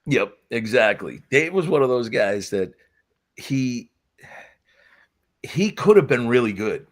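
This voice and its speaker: A man with a New England accent telling wrestling stories as a guest in casual chat, acting out quotes in voices. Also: takes it slowly. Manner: animated, acts out quotes with high-pitched voices. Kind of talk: casual storytelling.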